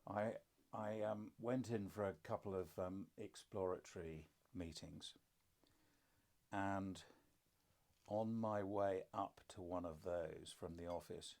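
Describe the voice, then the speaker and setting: Older man with a deep, dry storytelling voice. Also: takes it slowly, darkish tone. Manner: dry self-deprecating humour, reflective storytelling. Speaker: podcast co-host, father. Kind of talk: casual conversation.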